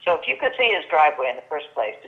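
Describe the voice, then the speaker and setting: Older female guest on a phone line, animated storyteller who plays out the quotes. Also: sits low, rapid-fire. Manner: lively storyteller acting out quoted dialogue, many restarts. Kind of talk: storytelling in casual chat. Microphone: telephone.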